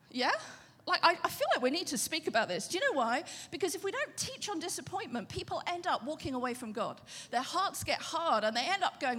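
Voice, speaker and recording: A woman pastor preaching a sermon in a conversational, animated way, often asking the audience questions. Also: high voice, brisk, long reverb tail.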